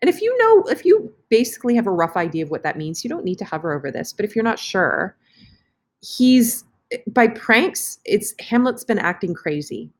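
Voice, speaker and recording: A woman's voice: medium pitch, very animated, moderate pace. A woman teacher talking casually through an online lesson on screen, chatty and correcting herself as she clicks around. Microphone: computer mic for screen recording.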